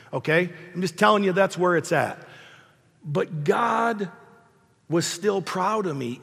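A man's voice: on the high side, vocal fry, a bit bright. A man in his sixties, a pastor preaching a sermon in a conversational, self-deprecating storytelling way. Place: church hall. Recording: long reverb of a hall.

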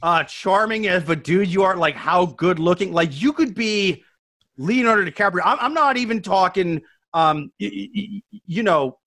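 A man with a high, bright voice spins long, animated comic riffs in casual podcast banter. He rambles, swears freely and keeps the story rolling. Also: moderate pace.

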